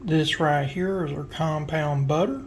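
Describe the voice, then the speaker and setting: Southern guy talking slow n easy while he cooks, folksy, bit of noise behind. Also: on the high side. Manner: relaxed, folksy, explains as he works. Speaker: cooking vlogger. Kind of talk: casual cooking demonstration.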